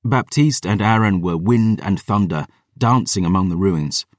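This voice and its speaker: A man narrating a first-person fantasy audiobook with dramatic intensity. His voice sits on the low side. The recording is dry, with the mic a little distant. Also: a little slow, dry recording.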